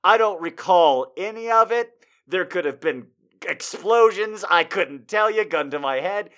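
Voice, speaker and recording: A man telling a profane, comedic story about a video game, with loud sung and shouted asides. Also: sits high, expressive, unhurried.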